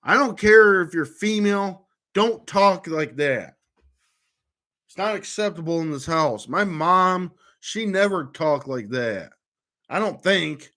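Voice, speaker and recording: A man's voice: high-pitched, lively intonation, slow pace, sharp tone. A man vlogger talking in a rambling monologue to camera, full of restarts and trailing fillers.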